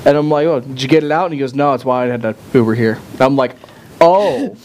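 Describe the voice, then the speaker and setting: A man's voice: racing, darkish tone. A man co-hosting a casual chat show, telling rambling stories and acting out the quotes. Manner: rambling, acts out quotes with jumps in pitch. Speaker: podcast co-host. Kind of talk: casual chat, animated storytelling.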